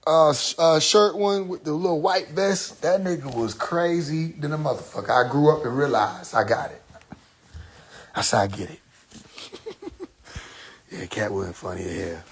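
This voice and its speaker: Husky, animated young man telling stories. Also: fairly high pitch, unhurried, pauses often. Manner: animated, laughing, profane. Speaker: streamer. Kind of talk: casual storytelling monologue.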